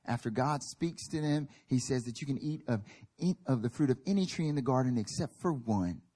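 A man preaches a sermon at a church service in a mid-range, mellow voice that is brisk and animated. He is emphatic and builds in intensity, acting out little quoted voices along the way.

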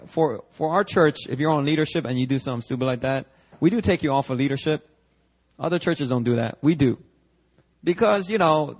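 A young man preaching from a church pulpit in a loose, chatty way, slightly higher-pitched than most men. He gets animated, breaks off into asides and restarts his sentences as he talks to the congregation. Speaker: pastor. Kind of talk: casual conversational sermon. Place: church sanctuary.

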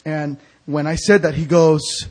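A man preaching a storytelling sermon as an evangelist, animated and acting out the voices of people in his stories. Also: a little high, measured pace. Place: church sanctuary.

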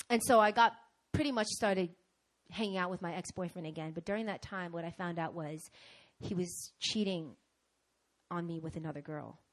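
A young woman preaching and telling a personal testimony, animated, swinging from hushed to loud. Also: fairly low pitch. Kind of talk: sermon testimony storytelling.

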